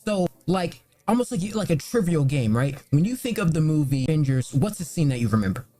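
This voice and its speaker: A man's voice: a little high, very animated, fairly quick, warm tone, dry recording, soft background music. A young man reviewing films in a loose, rambling casual chat, full of fillers and swearing. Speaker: movie reviewer.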